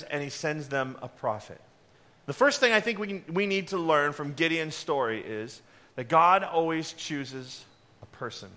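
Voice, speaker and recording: Bright-voiced pastor preaching earnestly. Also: male voice, fairly high pitch. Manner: earnest, direct, with offhand asides. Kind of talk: sermon.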